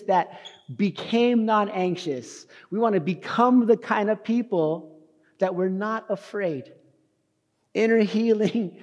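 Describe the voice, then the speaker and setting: A man preaching a casual, animated sermon, talking fast and tossing in slang. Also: sits high, long reverb tail. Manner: talks fast. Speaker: pastor. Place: church hall.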